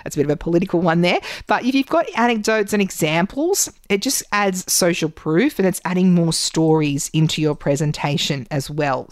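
A woman hosting a podcast, giving public speaking tips in an animated, gesturing way from a studio microphone. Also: lowish voice, dry recording. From Australia. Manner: animated, gestures a lot while talking. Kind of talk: solo podcast teaching.

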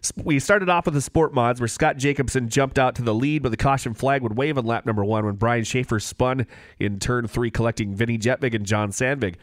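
Man, podcast co-host, brisk results read, dry close sound, mid pitch. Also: no echo. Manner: brisk, reads standings and lap details, laughs easily. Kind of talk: casual results recap.

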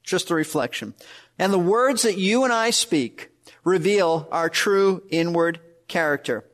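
Guy preaching verse by verse, pretty high voice, earnest, hammers his points. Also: lively intonation, unhurried, fairly bright tone. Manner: earnest preaching with repeated emphasis. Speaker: pastor. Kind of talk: verse-by-verse sermon.

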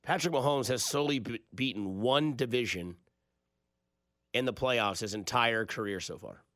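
A man's voice: mid-range voice, moderate pace, fairly bright tone, dry recording. A man hosting a sports radio show, casual and jokey, on a close studio mic. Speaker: radio host.

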